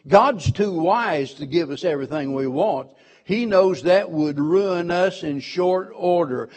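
Guy preaching a sermon, bit high-pitched, hammers on words and repeats them. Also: a little mellow. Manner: emphatic, repeats key words, quotes scripture in old phrasing.

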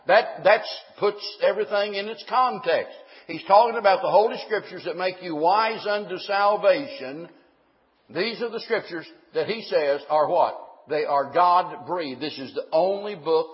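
A man preaches a sermon in a church, his voice sitting high for a man. He is emphatic and keeps asking the congregation questions, then answering them himself. The recording sounds dull and muffled, with a long reverb trailing off the walls.

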